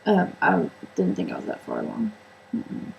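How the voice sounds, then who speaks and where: Chatty, rambling woman with a creaky voice. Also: low voice, wildly swooping pitch, moderate pace, dull audio, a little hiss or hum. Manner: chatty, rambling, self-mocking, many fillers. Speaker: book and sewing vlogger. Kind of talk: casual solo vlog chat.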